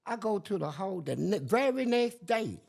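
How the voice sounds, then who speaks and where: A man's voice: high-pitched, moderate pace, gravelly. An older man telling a story in casual chat, acting out the people he quotes. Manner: animated, acts out quotes in different voices. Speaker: guest.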